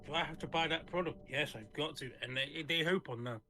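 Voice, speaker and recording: A man's voice: on the high side, fairly quick, bright, forceful tone, slight background noise. A man chatting casually and reassuringly with a friend during a game stream. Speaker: co-op guest player. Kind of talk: casual gaming stream chat.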